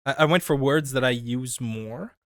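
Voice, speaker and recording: A man co-hosting a casual podcast, halting and hesitant, swearing freely. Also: medium pitch, fairly bright tone, clean tone, dry recording, clean studio sound. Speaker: podcast co-host.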